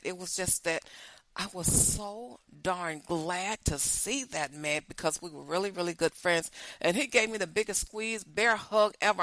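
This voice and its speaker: An older woman, hosting a show and telling folksy, animated stories straight to her listeners. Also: on the low side, dry recording. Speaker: show host. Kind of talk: casual storytelling monologue.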